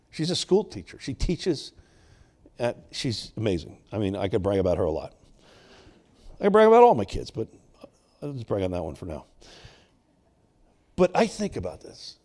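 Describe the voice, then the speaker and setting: Animated older male pastor preaching. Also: on the low side, breathy edge. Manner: animated, swinging between loud emphatic bursts and quiet asides. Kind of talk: sermon with personal storytelling.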